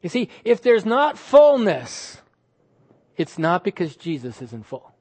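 Male pastor, high-pitched, emphatic sermon delivery with drawn-out words. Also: very animated, slightly rough. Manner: emphatic, drawn-out words, sudden drops to quiet.

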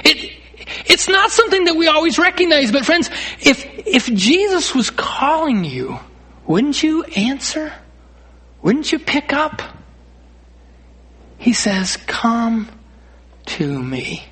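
A man's voice: extremely high pitch, sing-song, slow pace, long pauses, bright, forceful tone. A man preaching a sermon as pastor, earnest, often repeating himself and rising to emphatic calls. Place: church.

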